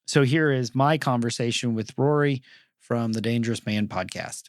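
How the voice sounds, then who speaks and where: A man talking as a guest on a casual podcast, rambling with many pauses and restarts. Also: mid-range voice, very noisy.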